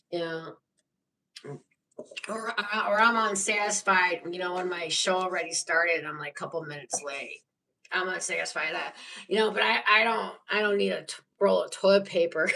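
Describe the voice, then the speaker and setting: A woman's voice: lowish voice, pushed and bright, far from the mic, rough recording. A woman giving a casual live tarot reading, rambling and chatty with lots of fillers and frequent laughs. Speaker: tarot reader.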